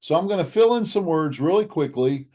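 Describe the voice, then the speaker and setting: A man's voice: fairly high pitch, animated, fairly quick, mellow. A man coaching an audience in a motivational talk, earnestly walking through a slide and offering to send the slides afterward. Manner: offers to email the slides to listeners.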